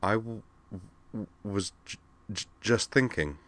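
A man voicing a shy, wry young woman who stutters heavily and speaks softly and hesitantly in an audiobook reading. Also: fairly low pitch, takes it slowly, dry recording. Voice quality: heavy stutter. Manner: soft, hesitant, dry humor.

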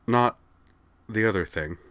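A man's voice: on the low side, unhurried, a bit bright, dry recording. Wry young woman pilot, voiced by a man. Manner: wry, slightly sheepish. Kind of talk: audiobook reading.

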